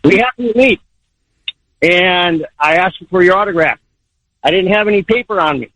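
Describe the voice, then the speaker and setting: A man's voice: high-pitched, expressive, normal speed, a bit bright, no room sound, rough recording. A man calling in to a radio show, earnestly telling a personal story. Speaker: caller, military veteran.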